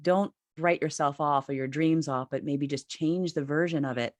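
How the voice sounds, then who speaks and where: A woman's voice: deep voice, normal speed, darkish tone, dry recording. A woman hosting an interview show, chatting casually and encouraging her guest in a conversational way. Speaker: podcast host.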